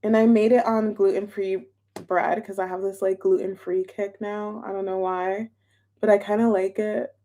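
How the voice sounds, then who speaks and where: A woman's voice: mid-range voice, level tone, normal speed, mellow. A young woman chatting casually on a live stream as a tarot reader, bubbly and chatty and greeting viewers by name. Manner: chatty, bubbly, reads chat names aloud.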